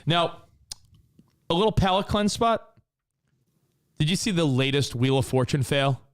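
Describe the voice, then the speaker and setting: A man co-hosting a podcast who swaps stories in loose, animated banter. His voice sits a touch on the high side for a man. He talks casually and keeps the stories moving. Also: unhurried, smooth. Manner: animated storyteller. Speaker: co-host.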